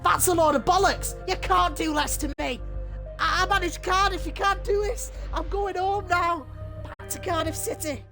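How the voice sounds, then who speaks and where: This is a man putting on a shrill, indignant old football manager. He whines his protests in a high-pitched voice that keeps climbing upward. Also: normal speed, creaky, music in the background.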